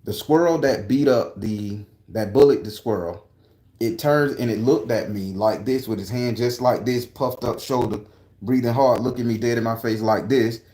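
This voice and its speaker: A man vlogging outdoors in a park, telling an excitable, profane, rambling story full of restarts. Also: mid-range voice, moderate pace, reverberant. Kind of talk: animated personal storytelling.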